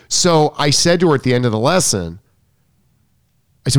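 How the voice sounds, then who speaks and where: A man talking as a tennis coach in a casual podcast chat, telling an animated story and acting out what was said. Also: medium pitch, fast, long pauses, dry recording, studio quality. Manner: animated storytelling, acts out quotes.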